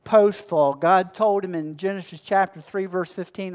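A man's voice: high-pitched, fairly even intonation, normal speed, hardly any pauses, a little mellow, clean tone. A man preaching a sermon as pastor, building his points with a rhythm of repeated phrases.

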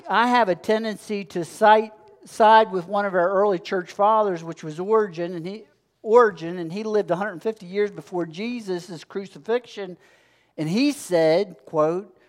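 High, resonant-voiced preacher man. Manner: building preaching rhythm with repeated phrases. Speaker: pastor. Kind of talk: sermon.

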